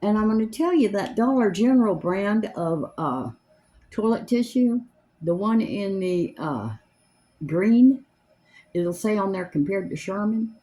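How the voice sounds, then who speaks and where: A woman's voice: medium pitch, expressive, a little slow, dark tone. Chatty older woman. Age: 70s. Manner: chatty, rambling, homespun. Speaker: makeup vlogger. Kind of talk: casual chat while doing makeup. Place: home, seated in a chair.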